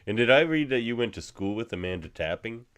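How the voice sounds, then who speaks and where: A man's voice: mid-range voice, animated, quick pace, a bit bright, clear, resonant tone. A man co-hosting a podcast interview, asking eager fan questions. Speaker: podcast co-host.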